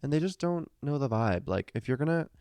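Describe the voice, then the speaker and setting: A man co-hosting a podcast, chatting casually and telling gossipy stories with lively impressions of friends. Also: medium pitch, a little fast, clean tone, no echo. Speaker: podcast co-host. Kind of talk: casual chat.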